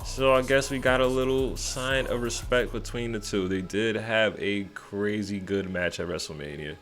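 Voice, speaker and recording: A man casually recapping a wrestling show, animated and playful, mimicking the wrestlers as he goes. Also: fairly low pitch, moderate pace.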